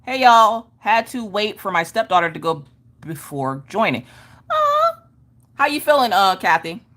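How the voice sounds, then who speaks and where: Animated woman chatting on a craft livestream. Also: unhurried. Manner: animated, swinging between squeals and low mutters. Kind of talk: casual livestream chat reading comments.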